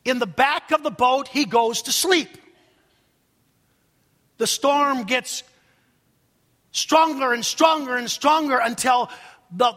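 A male pastor preaching a sermon dramatically, swinging from loud outbursts to hushed asides. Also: very high-pitched, long reverb tail.

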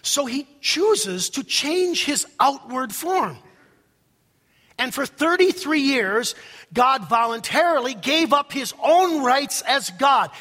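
Male pastor preaching big and dramatic, loud then hushed, long hall echo. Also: very high voice. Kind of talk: sermon.

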